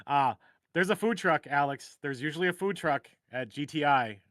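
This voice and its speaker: A man's voice: on the high side, moderate pace, fairly bright tone, dry recording, studio quality. A man co-hosting a livestream, chatting casually and rambling from one joke to the next. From Minnesota. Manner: rambling, jokey, trails off into mumbles. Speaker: livestream co-host. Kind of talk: casual chat.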